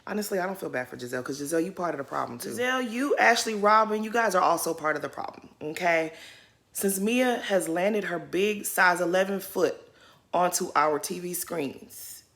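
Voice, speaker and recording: A woman's voice: lowish voice, fairly quick, vocal fry. A woman giving casual, shady commentary on a reality show, ranting with sass. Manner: sassy, shady, animated ranting.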